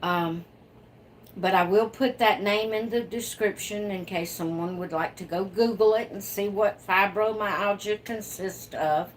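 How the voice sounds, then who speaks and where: Slow-talking woman chatting on her livestream. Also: mid-range voice, a little hiss or hum. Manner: chatty, unhurried, laughs often. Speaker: livestream host. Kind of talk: casual live chat reading viewer comments.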